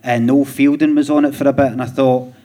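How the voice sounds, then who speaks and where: His voice is medium in pitch with little movement, fairly quick, and dark in tone. The man, a Glaswegian comedian from Scotland, is a guest on a live podcast in a theatre, telling meandering stories full of restarts and dry chuckles amid audience noise.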